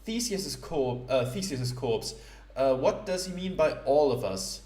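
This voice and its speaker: A man narrating his playthrough of a game in casual commentary, halting and self-deprecating, with many fillers. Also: mid-range voice, lively intonation, darkish tone. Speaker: let's play host. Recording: roomy echo.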